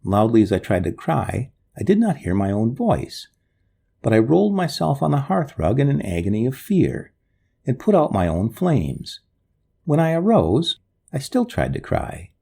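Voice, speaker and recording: A man narrating an old story in the first person, in a dramatic, expressive way. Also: medium pitch, moderate pace, gravelly, husky.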